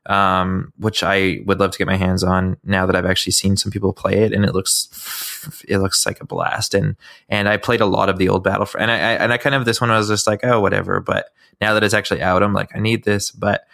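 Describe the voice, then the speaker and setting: A man's voice: low voice, flat delivery, a little fast, gravelly, fairly bright tone, no room sound, clean studio sound. A man co-hosting a gaming podcast, chatty with stumbling restarts. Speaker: podcast co-host. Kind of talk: casual gaming podcast chat.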